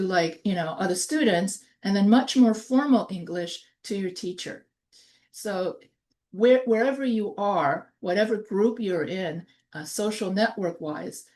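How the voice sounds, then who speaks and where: A woman's voice: medium pitch, a little mellow. A woman with a New York accent, a college instructor giving a recorded online lecture and explaining in short phrases, partly reading from notes.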